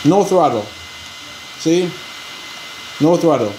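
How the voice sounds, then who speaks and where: A man's voice: on the high side, expressive, takes it slowly, background noise. A frustrated man rambling and restarting as he talks to his viewers about a broken hobby part. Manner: frustrated, rambling, says he is pissed off; hesitant, restarts and fillers, talks to viewers as guys. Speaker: RC hobby vlogger. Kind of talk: casual vlog chat. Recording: echoey room, faint ambience.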